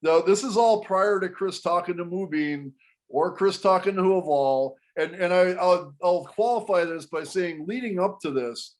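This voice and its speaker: A man telling a story to an interviewer in casual panel talk, animated and often restarting his sentences. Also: sits high, moderate pace. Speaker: guest storyteller.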